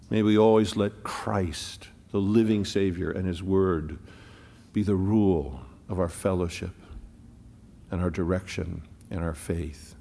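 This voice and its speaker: A man preaches with a low, gravelly voice that rings in a long church reverb. He climbs to loud declarations, then drops to hushed, slow, almost whispered phrases, leaning on single words. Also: fairly even intonation. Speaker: pastor. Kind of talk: sermon.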